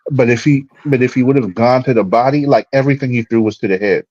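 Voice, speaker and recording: Mid-pitched man on dull lo-fi audio. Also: fast talker, no room sound. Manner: relaxed, slangy fight recap. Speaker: boxing show co-host. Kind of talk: casual panel chat.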